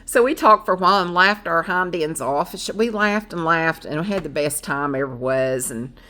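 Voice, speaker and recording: A middle-aged woman, chatting casually to her vlog viewers in a loud, brash way, rambling with many fillers and frequent laughs. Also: on the low side, normal speed. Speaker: vlogger.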